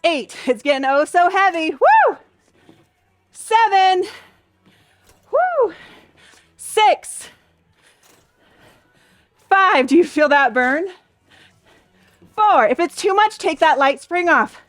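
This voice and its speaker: A woman's voice: very high voice, animated, slow pace, pauses often, fairly bright tone, no echo. A young adult woman leading a Pilates class, cheering and counting reps, a bit out of breath. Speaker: Pilates instructor. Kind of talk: workout class instruction.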